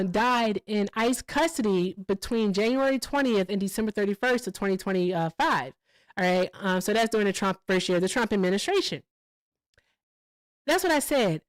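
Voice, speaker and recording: A woman livestreamer tells stories on a casual show, swearing freely and jumping up in pitch when she gets worked up. Her voice sits a little high, and the sound is dry and close with no room echo. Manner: profane, animated storytelling with sudden pitch jumps. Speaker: livestream host.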